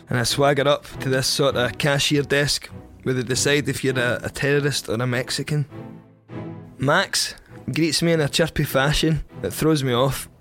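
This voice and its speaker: A young Scottish man telling a crude first-person comic story in a wry, deadpan way. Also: medium pitch. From Scotland. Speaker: podcast storyteller.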